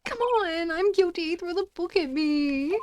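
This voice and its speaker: Female streamer doing a frantic young guy who keeps shouting he's guilty; high and loud. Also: unhurried, slight background noise. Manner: shrill, excitable, pleading. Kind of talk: game dialogue read aloud.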